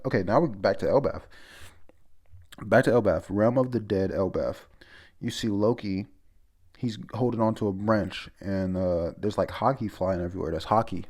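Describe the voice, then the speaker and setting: A man's voice: fairly low pitch, moderate pace, a little mellow. A man casually recapping a comic chapter as he reads, rambling with lots of fillers and self-corrections. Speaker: comic reviewer.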